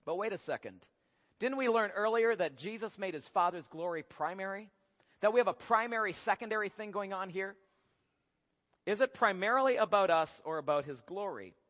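Animated preacher guy, high voice, joking around, muffled lo-fi recording. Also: fairly quick. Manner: animated, humorous storytelling. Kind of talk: sermon. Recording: echoey hall, dull lo-fi sound.

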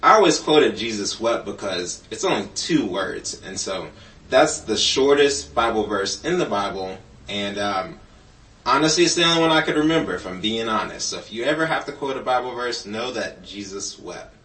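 A man's voice: on the low side, expressive, moderate pace, a bit bright, distant mic. A man giving a children's sermon in a church, telling stories playfully with a puppet and joking along the way. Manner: jokey asides. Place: church sanctuary. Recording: roomy, from off-mic.

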